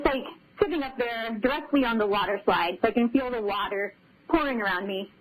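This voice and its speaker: A woman's voice: on the high side, poor audio. A woman telling a long dream story on a radio show, laughing often as she talks. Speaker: caller sharing a dream.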